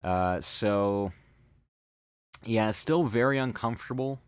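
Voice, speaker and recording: Deep-voiced man explaining with many fillers. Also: clean tone, dry recording, studio quality. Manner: thoughtful, halting, many fillers and restarts. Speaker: host analyzing body language. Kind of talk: casual explanatory commentary.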